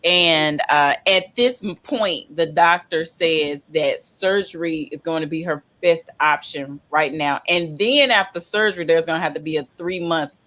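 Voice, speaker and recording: A woman's voice: low-pitched, a little slow, few pauses, fairly bright tone. A middle-aged woman rambling and hesitating as she chats casually in a group recap. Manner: rambling, hesitant, laughs often.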